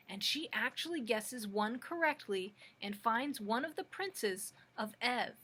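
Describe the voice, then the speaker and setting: A woman librarian reading a storybook aloud in a plain, steady way, with a husky voice. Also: a little high.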